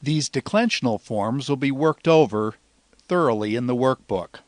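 A man teaching a grammar lesson in a measured way, pausing often and drawing out phrases so listeners can repeat them. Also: medium pitch, no echo, clean studio sound. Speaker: Greek teacher. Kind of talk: slow, deliberate grammar lecture.

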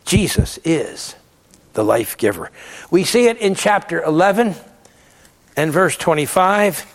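A man's voice: on the high side, animated, measured pace, in a large hall. A man giving a Bible lecture, emphatic and repeating words to stress his points. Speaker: theology lecturer.

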